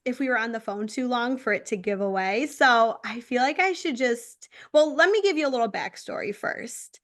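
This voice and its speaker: A young woman chats as co-host of a casual podcast, her voice sitting a little high. She tells a long story in an animated way. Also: normal speed. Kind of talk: casual chat.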